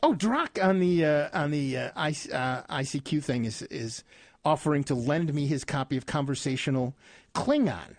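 Middle-aged male radio host, chatty self-deprecating storyteller, slightly high voice, dry close studio mic. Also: animated, normal speed, no room sound. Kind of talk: casual on-air chat. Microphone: studio microphone.

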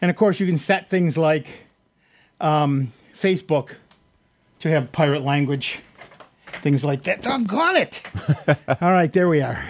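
A man's voice: fairly high pitch, unhurried, long pauses. A man hosting a call-in computer radio show, talking casually and walking callers through steps in a rambling, chatty way. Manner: chatty, rambling, explains step by step. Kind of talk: call-in radio tech advice. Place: radio studio. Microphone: studio microphone.

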